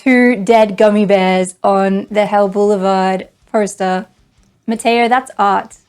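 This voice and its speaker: A woman's voice: medium pitch, fairly even intonation, slow, darkish tone, clean tone, faint music behind. A woman doing a casual unboxing vlog, sarcastic and exasperated, often laughing. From Australia. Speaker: vlogger.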